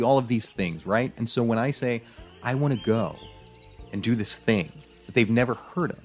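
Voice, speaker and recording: A podcast guest, a man with a lowish voice, tells a personal story in a loose, lively way and acts out his parents' voices.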